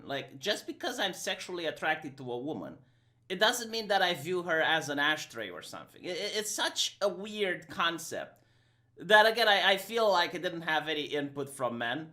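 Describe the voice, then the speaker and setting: A man's voice: fairly high pitch, sing-song, bright, forceful tone. A man with a Romanian accent, a streamer giving an argumentative, sarcastic opinion monologue. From Eastern Europe. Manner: sarcastic, argumentative, quick mock impressions.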